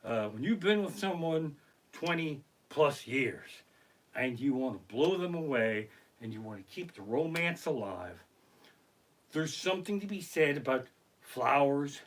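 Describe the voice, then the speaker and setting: A middle-aged man, a comedian telling profane, animated stories during a live stream from his living room. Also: fairly high pitch, unhurried. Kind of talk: live-streamed comic storytelling. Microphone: basic home streaming setup.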